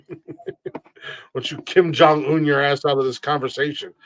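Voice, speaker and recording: A man from the United States hosting a podcast, bantering in loud, profane mock outrage. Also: a little high, wildly swooping pitch, unhurried, no echo. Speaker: podcast host. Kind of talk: casual comedic banter.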